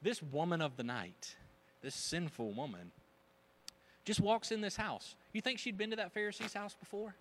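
A man's voice: high-pitched, moderate pace, a bit bright, a little hiss or hum. A man preaching a sermon to a congregation, joking and acting out gossiping voices as he tells the story. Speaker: pastor.

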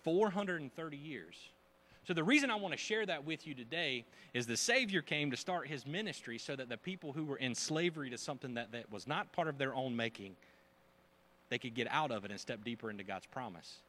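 A man preaching a sermon as pastor, emphatic, swinging between loud bursts and hushed asides. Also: mid-range voice, lively intonation, a little fast.

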